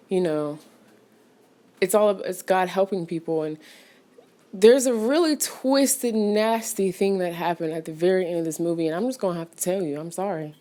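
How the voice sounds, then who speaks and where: A vlogger with a mellow, soft-edged, mid-range voice reviews a film casually, pacing back and forth as she goes. She rambles with many fillers and restarts, erupting now and then in outraged exclamations.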